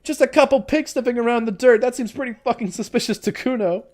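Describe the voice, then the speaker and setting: A man voicing a bratty, foul-mouthed boy who taunts a cop in a video game. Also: fast talker. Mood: taunting. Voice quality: shrill, taunting, shouty.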